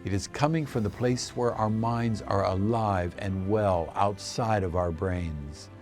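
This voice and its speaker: A man narrating a scripted explainer in a measured, assertive way. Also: lowish voice, a little mellow, faint music behind.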